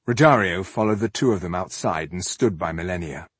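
A man narrating an audiobook in an expressive storytelling manner. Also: deep voice, fairly quick, hardly any pauses, breathy edge, no echo. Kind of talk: scripted narration.

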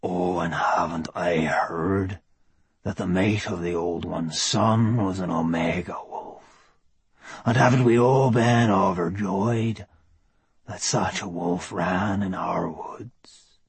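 A meek, slender Fae man speaks in a low, hushed Welsh lilt, unhurried and full of quiet wonder, as an audiobook narrator puts him on. The voice is husky and sits lower than the narrator's own, recorded close and dry. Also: no room sound, heavily acted. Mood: awed. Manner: slow, hushed, wondering delivery. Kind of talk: audiobook character voice.

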